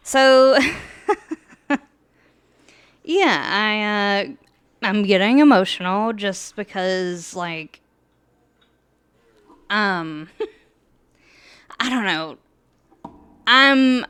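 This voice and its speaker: A woman's voice: mid-range voice, clear, resonant tone, dry recording. A woman hosting her podcast, talking casually about her book with fillers and nervous laughs, and getting emotional while fighting back tears. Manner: slow, soft-spoken, with fillers and nervous laughs. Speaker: podcast host and author. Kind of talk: casual chat with a read-aloud book introduction. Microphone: podcast mic.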